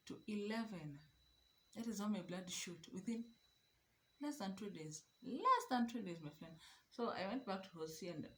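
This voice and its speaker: A young Kenyan woman telling her own story to camera in an animated, emphatic way, slipping Swahili phrases into her speech. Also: medium pitch, a little hiss or hum. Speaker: vlogger.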